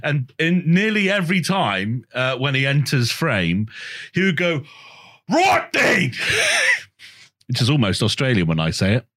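A man's voice: medium pitch, big pitch swings, moderate pace, fairly bright tone. A man running a quiz round in casual joking chat with friends, laughing often. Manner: laughing, joking, sings made-up tunes.

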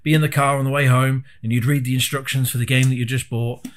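A man's voice: medium pitch, little pitch movement, fast, slight background noise. A man co-hosting a casual chat about retro games, rambling and swearing freely in exasperation. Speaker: podcast co-host.

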